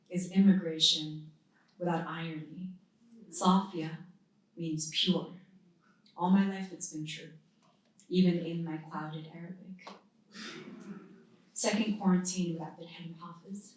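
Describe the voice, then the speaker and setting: Poet, woman in her thirties, low steady voice, live reading in a very echoey hall, heard from a distance. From United States. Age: 30s. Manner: measured, deliberate phrasing with pauses between lines. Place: indoor literary event venue.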